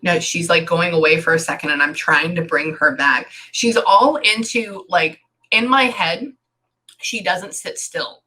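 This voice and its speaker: A woman working as a medium in a casual reading, talking in halting bursts and often breaking off to say hang on. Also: lowish voice, bright, forceful tone. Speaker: psychic medium. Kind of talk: casual one-on-one reading session.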